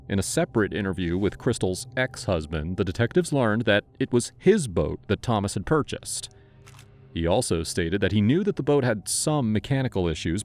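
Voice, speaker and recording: A man's voice: fairly low pitch, a little mellow. A man giving scripted narration for a true-crime video.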